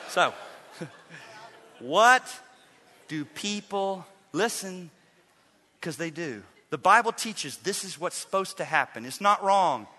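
Middle-aged male pastor, bright high voice, emphatic sermon, reverb of a large church. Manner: animated, swings from loud emphatic to hushed and intense.

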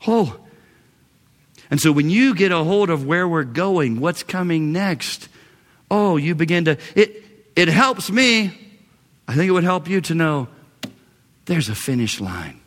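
A male pastor preaching a sermon with dynamic delivery, swinging from loud exclamations to hushed, low phrases. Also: animated, a little slow, long pauses. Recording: long reverb of a large hall.

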